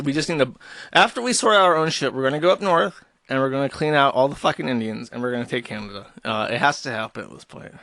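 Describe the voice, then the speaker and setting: A man's voice: on the high side, vocal fry, sharp tone, no echo. A man hosting a live stream, ranting with sarcastic, profane commentary. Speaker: streamer host.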